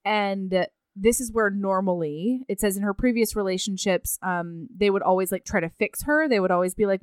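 A woman's voice: medium pitch, normal speed, hardly any pauses, smooth, dry recording, clean studio sound. A woman co-hosting a casual book chat, retelling scenes animatedly with quoted lines and frequent laughter. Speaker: podcast co-host.

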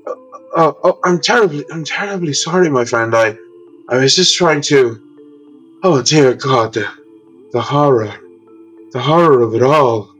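A man's voice: mid-range voice, expressive, moderate pace, a bit bright, soft background music, close to an everyday voice, rough recording. An Irish man voicing a terrified, fussy male lumberjack who stammers out breathless apologies in a tabletop game.

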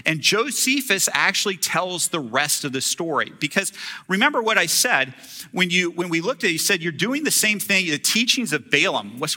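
A man's voice: on the high side, sharp tone. A man preaching a sermon as a pastor, retelling a scripture story in casual, humorous storytelling.

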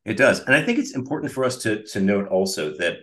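A man's voice: fairly low pitch, expressive, fast talker, fairly bright tone. A man hosting a podcast in casual chat, rambling with many fillers and jokes. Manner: rambling, hesitant, jokey. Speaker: podcast host.

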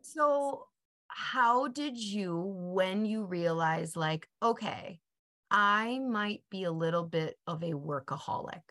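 Woman, podcast host, bright clear tone, curious, chatty follow-up questions. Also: mid-range voice, animated, slow pace. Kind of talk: podcast interview.

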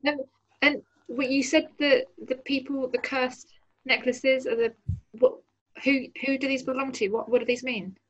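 A woman voicing her character in a tabletop role-play game, with a slightly high pitch. She sounds playful and chatty, bouncing lines off the table. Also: fairly even intonation, moderate pace, dull audio. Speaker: player.

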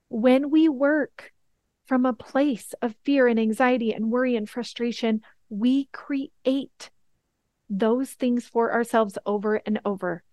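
A woman in her thirties hosting a motivational podcast, earnest and emphatic, slowing down on the words that matter. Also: a little high, darkish tone, no echo. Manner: earnest, emphatic, slows down for key points. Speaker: podcast host.

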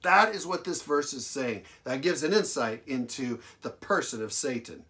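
A male pastor delivering a sermon, repeating phrases for emphasis and swinging between loud declarations and hushed lines. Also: medium pitch, expressive, normal speed. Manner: dramatic preaching, big swings from loud to hushed.

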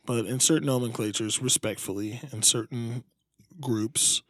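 A man's voice: mid-range voice, steady tone, moderate pace, a bit bright, no room sound, clean studio sound. A man co-hosting a podcast, rambling crudely and laughing often in casual comedic chat. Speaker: podcast co-host.

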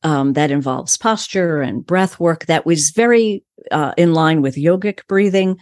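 An older woman, a voice coach, giving calm and assured advice in an interview. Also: low-pitched, unhurried, dry recording, clean studio sound. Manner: calm, assured, explains in a teaching way. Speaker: voice coach guest.

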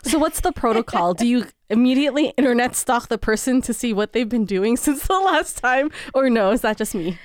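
A woman's voice: fairly high pitch, lively intonation, a little fast, few pauses, no echo, studio quality. A woman co-hosting a podcast, asking curious questions in a casual chat and laughing easily. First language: English. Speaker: podcast co-host.

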